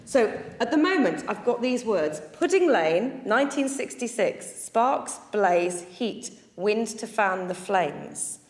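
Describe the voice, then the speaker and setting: A woman's voice: mid-range voice, very animated, slow pace, hardly any pauses. A woman leading a music workshop for teachers, encouraging the group and chanting lyrics to a beat. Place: large echoey hall. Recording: echoey hall with long reverb.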